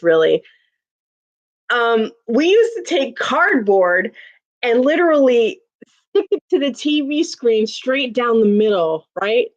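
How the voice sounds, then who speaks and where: A woman's voice: on the high side, highs cut off. A woman, chatting casually with her viewers, laughing often and using lots of filler words. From Chicago, USA. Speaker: livestream host. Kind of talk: casual chat reading viewer comments.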